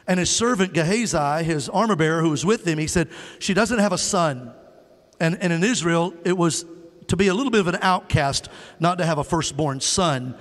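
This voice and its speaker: A male guest preacher delivering a sermon, calling on the crowd to answer and raise their hands and acting out the scripture in quoted voices. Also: on the high side. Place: church sanctuary. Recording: long hall reverb.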